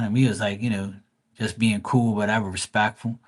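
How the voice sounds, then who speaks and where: A man's voice: on the low side, steady tone, brisk. Profane, rambling man telling a story. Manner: loose, profane, rambling with many restarts. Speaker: psychic tarot reader on a livestream. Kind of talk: casual storytelling.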